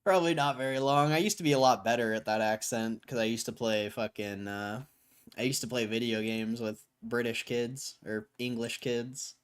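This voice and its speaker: A man at mid pitch hosting a casual livestream. He talks in a relaxed, chuckling way and drops loose slang as he chats. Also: moderate pace, clear, resonant tone. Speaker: livestream host.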